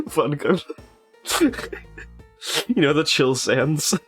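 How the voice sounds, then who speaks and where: A man's voice: fairly high pitch, wildly swooping pitch, extremely slow, husky, faint music behind. A man streaming a story game, chatting casually with lots of laughs and fillers. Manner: giggly, rambling, many fillers.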